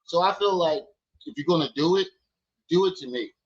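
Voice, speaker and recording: A man hosting a casual live stream from home, teasing his kids loudly and then chatting with viewers. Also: a little high, a little fast, muffled recording. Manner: loud playful teasing with his kids, then relaxed talk. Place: at home with children.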